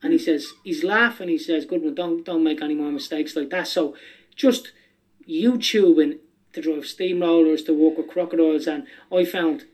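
Podcast guest: a higher-pitched man spinning rambling, profane anecdotes. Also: steady tone, low-quality recording. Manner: rapid, rambling, swears freely. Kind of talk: casual storytelling.

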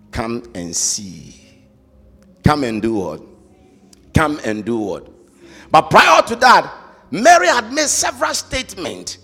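High, lively male preacher, husky; emphatic sermon with shouted peaks in a reverberant church. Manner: emphatic, rises to shouts and sing-song, calls on congregation to repeat. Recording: reverberant hall with faint music.

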